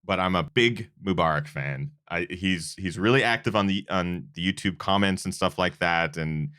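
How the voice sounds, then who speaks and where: Show host, very low voice, earnest and rambling, casual delivery. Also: male voice, normal speed, a bit bright, no echo, clean studio sound. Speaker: host of a running channel. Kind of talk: casual awards show chat.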